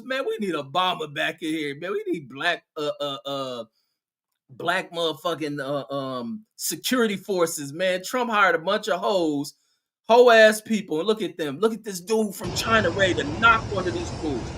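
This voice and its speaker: A man giving loud, mocking, profane commentary over news footage, scornful and quick to laugh. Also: high voice, animated.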